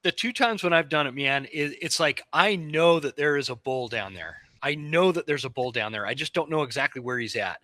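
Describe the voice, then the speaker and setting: A man's voice: fairly high pitch, expressive, fairly quick, few pauses, bright, forceful tone, dry recording. A man hosting a podcast interview, casually relaying a listener's question and asking follow-ups. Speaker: podcast host.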